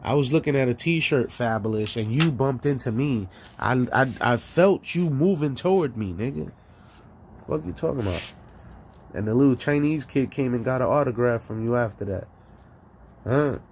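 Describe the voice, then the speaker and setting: A man's voice: medium pitch, lively intonation, moderate pace, a little mellow. Profane ranting man, faint hiss. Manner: profane, confrontational, storytelling with stammered restarts. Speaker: solo live-stream host. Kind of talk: ranting monologue.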